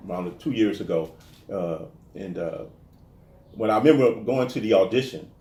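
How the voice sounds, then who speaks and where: A man from the telling stories in a casual interview, animated and restarting his sentences often. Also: fairly low pitch, normal speed, echoey room. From American South. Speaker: guest talking about his life.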